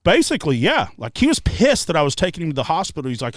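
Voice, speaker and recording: A man co-hosting a podcast, telling stories in casual chat, animated and profane, shouting out the lines he quotes. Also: fairly high pitch, quick pace. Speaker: podcast co-host. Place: treehouse hangout.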